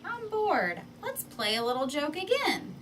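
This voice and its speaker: A woman voicing a mischievous young shepherd boy who shouts in a shrill, high voice. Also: very animated, measured pace, heavily acted. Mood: scheming. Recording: distant mic, faint background noise.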